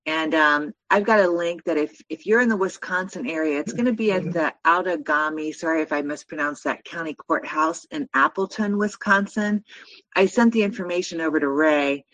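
A woman's voice: lowish voice, moderate pace, fairly bright tone, dry recording, poor audio. A woman joining a show as a panelist, making a casual announcement in a hesitant way with many fillers. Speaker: call-in panelist.

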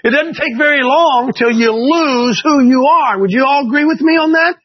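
A man's voice: extremely high pitch, moderate pace, dull audio. A man from Ohio teaching a Bible class in a folksy, conversational way, quizzing his listeners with questions.

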